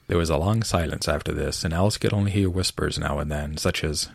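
A man reading a storybook aloud as narrator in an expressive, measured way. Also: very deep voice, gravelly, dry recording, studio quality.

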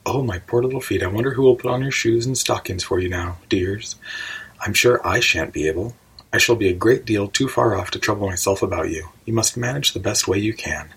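A man's voice: fairly low pitch, brisk, vocal fry, fairly bright tone, husky, heavily acted, low-quality recording. A man voicing a curious, puzzled young girl who frets and wonders aloud in an audiobook reading. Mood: wondering. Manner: wondering, fretful musing aloud.

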